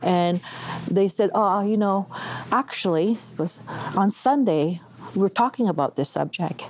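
A middle-aged woman from Canada giving a personal testimony as an interview guest, telling it in an animated way and acting out the voices of the people she quotes. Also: medium pitch, a little slow, a little hiss or hum.

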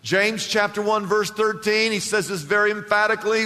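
Bright-voiced emphatic male preacher in a reverberant hall. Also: sits high, normal speed. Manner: emphatic preaching, repeats phrases, asks the congregation. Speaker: pastor. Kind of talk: sermon. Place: church sanctuary. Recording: long reverb of a church hall.

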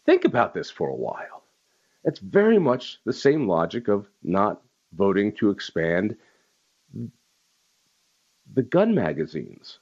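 A man's voice: lowish voice, wildly swooping pitch, a little slow, pauses often, a little mellow, breathy edge, lo-fi sound. A man hosting a talk radio show, delivering a heated political monologue and stressing key words by repeating them.

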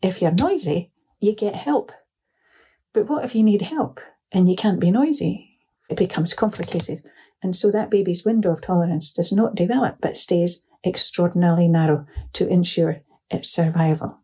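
A woman, a psychotherapist, explains ideas calmly in an interview and often laughs as she tells stories. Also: on the low side, slightly rough. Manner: calm, measured, often laughs while telling a story. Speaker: psychotherapist guest. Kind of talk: explanatory interview talk with anecdotes.

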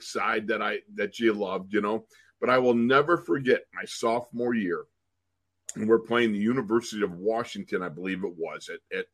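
A man's voice: mid-range voice, fairly bright tone. A man in his sixties, a podcast co-host and former college football player, telling stories in casual chat. He laughs often and repeats words as he goes.

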